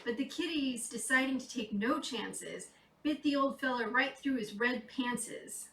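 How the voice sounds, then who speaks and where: A woman's voice: fairly high pitch, measured pace, pushed and bright, distant mic. A woman reading a rhyming Christmas storybook aloud in a playful, sing-song rhythm. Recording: echoey room, off mic.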